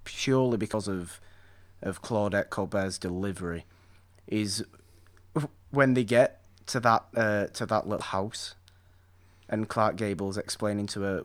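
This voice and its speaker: A man's voice: lowish voice, unhurried. A man in casual conversation about a classic film, enthusiastic and rambling, often restarting his sentences.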